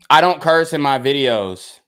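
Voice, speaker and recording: Young male vlogger, fed-up and emphatic, mid-pitched voice, repeats points and curses. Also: a bit bright. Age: young adult. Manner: frustrated, emphatic, repeats himself, swears. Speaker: content creator. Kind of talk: casual rant to camera.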